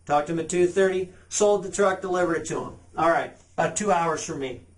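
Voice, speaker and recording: A man's voice: a little high, a little fast. A man teaching car sales by texting, talking casually and reading short sample messages aloud with emphasis. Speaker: sales trainer. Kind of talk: sales training talk.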